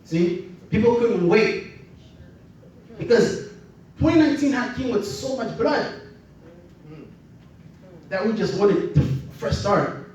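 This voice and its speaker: A man's voice: high voice, animated, slow pace, pauses often, a little mellow, heavy reverb, recorded from a distance, a little hiss or hum, low-quality recording. A man from the Bahamas, preaching a sermon in a conversational way and often asking "right?".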